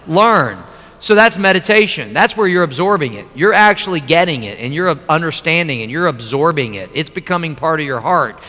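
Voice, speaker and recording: A man preaching a sermon, emphatic and repetitive, sometimes dropping low and quiet to stress a point. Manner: emphatic, repeats phrases, drops low and soft for weighty points. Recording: long hall reverb.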